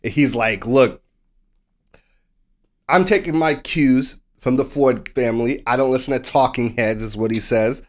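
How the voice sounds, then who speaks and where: Male podcast co-host, lively storyteller who acts out quotes, mid-range voice. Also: medium pitch, a little slow. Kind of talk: casual sports podcast chat.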